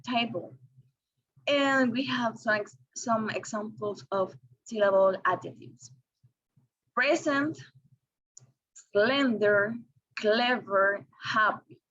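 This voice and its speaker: Slow, careful woman presenting a lesson. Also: medium pitch, a bit bright, highs cut off. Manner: slow and careful, with frequent ums and restarts. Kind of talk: reading a class presentation.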